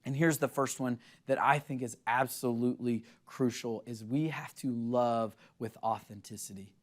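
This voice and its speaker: A young adult man preaching a sermon, earnest and animated, acting out quotes in an excited voice as he tells stories. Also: mid-range voice, normal speed. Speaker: pastor.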